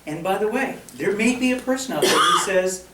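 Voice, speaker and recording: A man's voice: high voice, lively intonation, fairly quick, heavy background noise. A man leading a workplace harassment training for a live room, joking and acting out example lines. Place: meeting room with audience. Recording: roomy, mic far from speaker.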